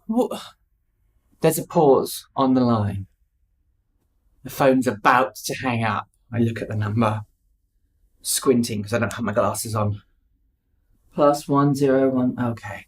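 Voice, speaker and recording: Tired, wry woman, animated storyteller, digressive. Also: a bass voice, a little hiss or hum. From United Kingdom. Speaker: vlogger. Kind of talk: storytelling monologue.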